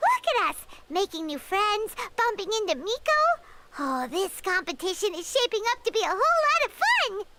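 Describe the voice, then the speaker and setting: A woman voicing a tiny, chirpy, excitable companion creature in a video game. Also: extremely high pitch, normal speed, very noisy. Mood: cheerful. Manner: bubbly, chatty, excitable. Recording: game audio with loud music.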